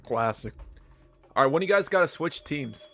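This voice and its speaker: A man's voice: on the high side, expressive, normal speed, vocal fry, a bit bright, faint music behind. A man live-streaming games, chatting casually with viewers and laughing often. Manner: laid-back, laughs often, chats with viewers.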